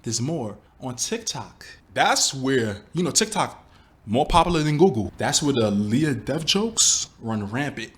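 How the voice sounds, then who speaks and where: A man's voice: mid-range voice, very animated, a little slow, fairly bright tone. A man giving a reaction commentary to his viewers, exasperated and rhetorical, often asking them questions directly. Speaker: YouTube commentator.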